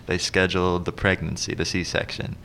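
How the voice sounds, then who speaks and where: A man's voice: sits low, level tone, moderate pace, gravelly, fairly bright tone, slight background noise. A young man co-hosting a podcast, laughing and teasing in casual chat. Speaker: podcast co-host.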